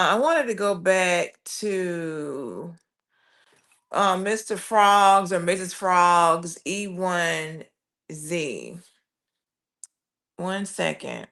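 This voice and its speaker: A woman hosting a live stream, chatting casually with her viewers. She reads their comments aloud and answers each one quickly and directly. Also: mid-range voice, a bit bright. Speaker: livestream host reading chat.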